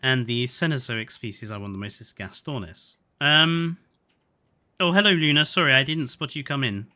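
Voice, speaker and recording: Young male streamer, bright tone, loose chatty delivery, tired. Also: mid-range voice, moderate pace. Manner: chatty, laughs often, stumbles over names. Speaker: gaming streamer. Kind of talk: casual live-stream chat.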